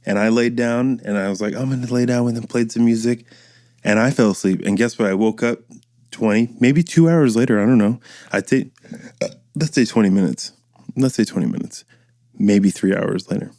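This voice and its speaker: His fairly low, warm voice moves at a moderate pace, recorded in clean studio sound without echo. A podcast host in his thirties, he tells loose, profane stories and acts out quotes in a casual monologue.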